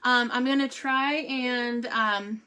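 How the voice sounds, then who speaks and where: A woman's voice: a little high, fairly even intonation, slow, bright, forceful tone, clean tone. A young woman chatting casually to her viewers and reading a devotional aloud, with lots of fillers and restarts. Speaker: vlogger giving a family update.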